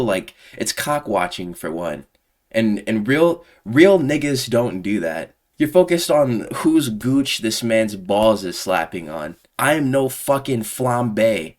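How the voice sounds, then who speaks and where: A man with a somewhat low-pitched voice rants in casual commentary, exasperated and slangy. He swears freely and talks straight to his viewers like he is venting to friends. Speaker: MMA commentary YouTuber.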